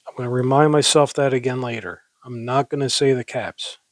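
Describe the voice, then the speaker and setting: A man's voice: mid-range voice, fairly even intonation, a little fast, dry recording. A man casually reading public domain poems aloud, breaking off into rambling, self-mocking asides and stifled giggles. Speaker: amateur poetry reader.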